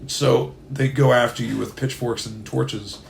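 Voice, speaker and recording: Gravelly man spinning a silly tale. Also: mid-range voice, unhurried, a little hiss or hum. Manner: rambling, animated storytelling with many voices. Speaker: podcast co-host. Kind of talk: casual comedic chat.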